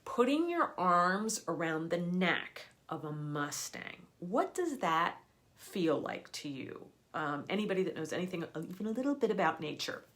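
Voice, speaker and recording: A woman with a voice a little lower than most gives a live teaching talk as an energy healer. She explains her points earnestly and stresses key words with emphasis. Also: sing-song, normal speed, a bit bright. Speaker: energy healer for people and animals.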